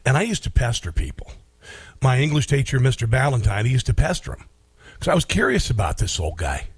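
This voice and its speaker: Husky-voiced middle-aged man hosting radio. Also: medium pitch, sing-song, a little fast, no echo. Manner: chatty storyteller, mocking asides. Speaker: radio talk show host. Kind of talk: casual call-in show chat.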